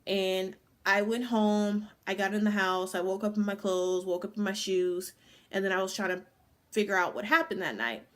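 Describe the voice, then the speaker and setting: Here a woman vlogger in her twenties swears her way through a casual storytime, saying "like" all the time. The tone is steady and a bit bright, at medium pitch and a moderate pace.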